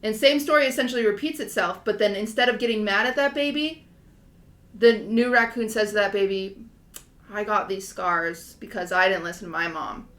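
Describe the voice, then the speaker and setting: A young woman in her twenties, a podcast co-host, chatting casually and telling a story in an animated way, full of fillers. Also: medium pitch, normal speed, roomy sound. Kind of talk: casual chat.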